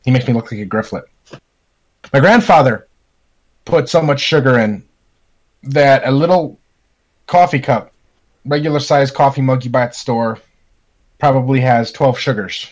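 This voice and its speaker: A man hosting a casual podcast chat, blunt and profane, ranting with animated swings in his voice. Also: mid-range voice, normal speed, pauses often. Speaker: podcast host.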